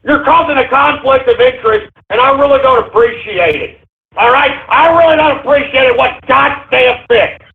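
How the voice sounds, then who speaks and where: In an extremely high, creaky, husky voice, a man gives a heavily acted parody of a foul-mouthed Texan talk radio host. Speaking at normal speed, he rants, curses and fumbles his words with drunk-sounding bravado, and the recording sounds tinny, like radio over a phone.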